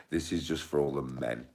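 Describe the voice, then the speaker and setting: A man's voice: very deep voice, darkish tone. A man with a Birmingham accent, rambling crudely and laughing often as he chats. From Birmingham, England. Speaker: streamer.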